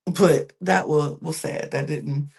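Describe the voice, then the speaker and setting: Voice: mid-range voice, fairly even intonation, slow pace, vocal fry, darkish tone. A podcast co-host giving a casual, gossipy recap of a reality show, trailing off into fillers and talking straight to viewers. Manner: addresses viewers directly.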